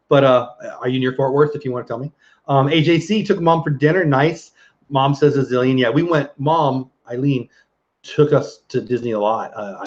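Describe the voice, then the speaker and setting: A middle-aged Texan man talks casually at a middle pitch as he reads out viewer messages. His manner is chatty and relaxed, and he laughs easily. The sound is slightly dull and lo-fi, like stream audio. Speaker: livestream host reading chat. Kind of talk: casual live chat.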